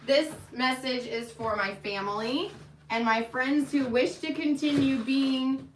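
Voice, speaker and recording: A woman's voice: sits high, measured pace, a little hiss or hum. A young adult woman, a nurse, speaking candidly and emotionally in a rambling personal vlog, with frequent fillers. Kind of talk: personal vlog to friends and family.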